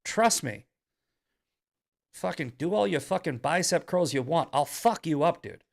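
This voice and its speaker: A man's voice: fairly high pitch, animated, unhurried, creaky. A male podcast host giving heated, profane commentary in an angry ranting manner.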